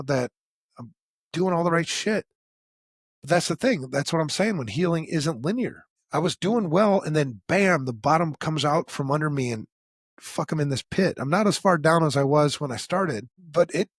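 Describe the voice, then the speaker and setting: A middle-aged man tells his own story as a podcast host. His voice is husky and his delivery is blunt and casual, full of profanity. He acts out quoted dialogue as he talks, and the close mic gives a dry, intimate sound. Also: mid-range voice, dry recording. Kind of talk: candid conversational storytelling.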